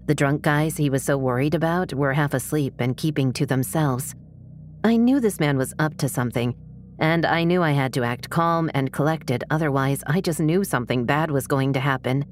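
A woman narrating a first-person true story in a measured, tense storytelling manner. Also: sits low, slight background noise.

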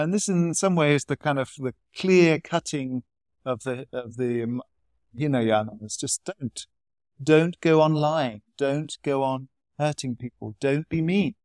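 A man teaching Buddhism in a relaxed, conversational dharma talk with storytelling asides. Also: fairly high pitch, no room sound, clean studio sound.

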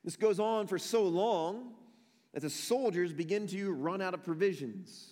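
Male pastor, high voice, emphatic storyteller who repeats lines for weight, long hall echo. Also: measured pace, a little mellow. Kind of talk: sermon.

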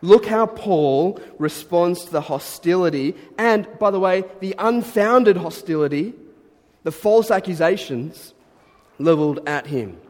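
A man's voice: high-pitched, lively intonation, a little slow, long reverb tail. A man preaching a sermon as a pastor, conversational and earnest, building to emphatic bursts.

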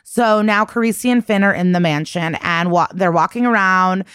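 A woman's voice: fairly low pitch, normal speed, fairly bright tone, clear, resonant tone, no room sound, studio quality. A woman co-hosting a podcast, recapping a TV episode in a casual, profane, chatty way. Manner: profane, chatty retelling full of "like". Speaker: podcast co-host.

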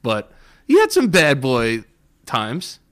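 A young man co-hosting a podcast, teasing his friend with deadpan one-liners in casual chat. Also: mid-range voice, slow. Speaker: podcast co-host.

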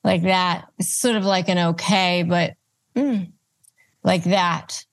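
A woman host delivers advice at a very unhurried, measured pace, with a voice sitting a little low. She walks through numbered steps with firm emphasis and acts out calm, knowing replies. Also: creaky. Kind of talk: instructional advice talk.

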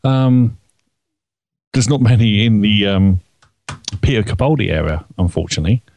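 A man's voice: lowish voice, moderate pace, a little mellow. A man in casual podcast chat, laughing easily and hesitating with fillers. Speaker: podcast co-host.

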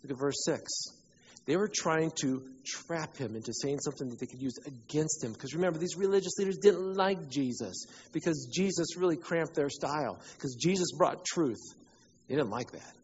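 A man's voice: fairly high pitch, moderate pace, a little mellow, slight background noise. Emphatic man preaching in a reverberant hall. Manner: emphatic, asks the congregation questions. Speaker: pastor. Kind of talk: sermon. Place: church sanctuary. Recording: dull sound, long reverb in a large hall.

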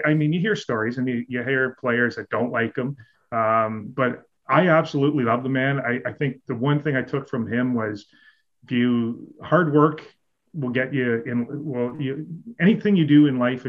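A man, a former hockey goalie and podcast guest, telling rambling stories in a casual way, with restarts and chuckles. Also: mid-range voice. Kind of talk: casual anecdotal storytelling. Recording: dull, lo-fi audio.

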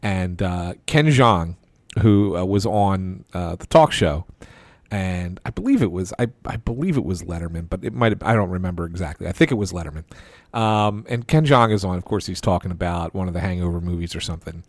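Animated man telling a sports anecdote. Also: low voice, brisk, no room sound. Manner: animated anecdote with quoted voices; restarts and stammers. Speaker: sports reporter. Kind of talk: casual storytelling.

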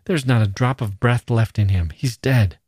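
A man's voice: medium pitch, normal speed, a little mellow, slightly rough, no echo, clean studio sound, close to an everyday voice. A man reading the part of a fevered, dying old soldier who grumbles and scolds irritably. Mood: irritable.

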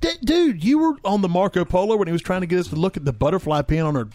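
A man's voice: high-pitched, animated, fast talker, mellow, dry recording. A man co-hosting a podcast, eagerly cutting in and egging on a storyteller. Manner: eager, interjecting listener. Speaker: podcast co-host. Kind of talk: casual banter.

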